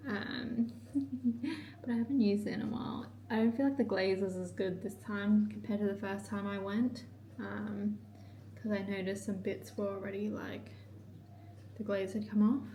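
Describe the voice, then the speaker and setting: A woman vlogging in a casual chatty way, with frequent ums and soft half-whispered asides, in a morning voice. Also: mid-range voice, level tone, slow, long pauses, a little hiss or hum. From Australia. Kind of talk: casual vlog chat.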